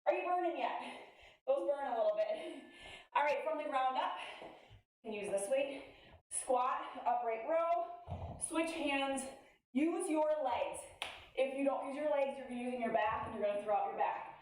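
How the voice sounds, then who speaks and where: A woman's voice: high voice, normal speed, pauses often, darkish tone, a little hiss or hum. A woman fitness instructor coaching a weights workout, upbeat and encouraging, a little out of breath between cues. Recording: very echoey, from far off.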